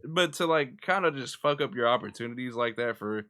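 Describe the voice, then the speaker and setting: A man's voice: medium pitch, animated, brisk, pushed and bright. A man joking on a casual podcast, adding apologetic asides.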